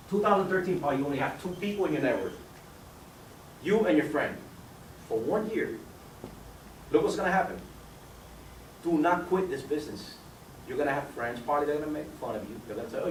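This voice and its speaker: A man presenting a business opportunity to a room of guests, his slightly high voice pushing hard to persuade. He fires questions at the listeners and calls on them by name. The sound is roomy and echoing, picked up from a distance, with a faint hum of background noise. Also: expressive, fairly quick, long pauses. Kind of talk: sales pitch to an audience.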